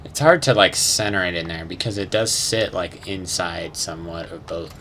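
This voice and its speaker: A man's voice: low voice, moderate pace, a bit bright, slight background noise. Rambling young man narrating gameplay. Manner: rambling, unsure, swears casually, hums sound effects. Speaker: gamer. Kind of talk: casual gameplay commentary.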